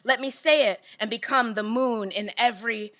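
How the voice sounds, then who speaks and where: A woman's voice: on the high side, moderate pace, a bit bright. A woman poet giving a poetry reading, moving from loose, rambling asides into rhythmic, repeating lines of verse. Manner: rhythmic, repetitive recitation.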